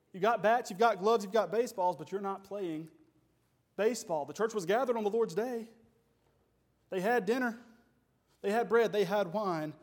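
A man's voice: sits high, a little mellow. A man preaching a sermon as pastor, emphatic and full of rhetorical questions.

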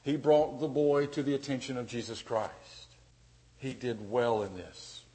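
A man preaching a sermon as pastor, dynamic, dropping to a hush and then rising loud and emphatic. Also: mid-range voice, fairly even intonation, unhurried.

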